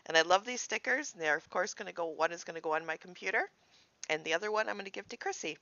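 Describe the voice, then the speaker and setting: A woman's voice: lowish voice, quick pace, bright, forceful tone, dry recording, highs cut off. A woman vlogging in a cheerful, sing-song way as she opens her mail at home. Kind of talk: casual vlog chat.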